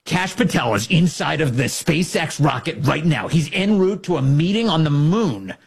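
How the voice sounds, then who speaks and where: Male show host with a husky voice, sarcastic and mocking. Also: fairly high pitch, normal speed. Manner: sarcastic, mocking, animated asides. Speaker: political commentary host. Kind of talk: mocking political commentary.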